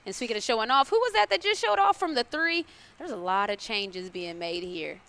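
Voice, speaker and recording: A woman's voice: fairly high pitch, big pitch swings, fairly quick, a bit bright. A woman giving casual live game commentary, chatty and playful, often laughing and teasing her co-host. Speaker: esports commentator.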